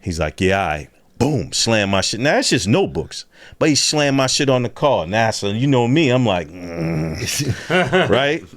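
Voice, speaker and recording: Lively storytelling guy, swears a lot, pitch jumps around, dry close sound. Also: unhurried, dry recording. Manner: animated, profane, acts out voices in anecdotes. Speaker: guest. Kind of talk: casual storytelling.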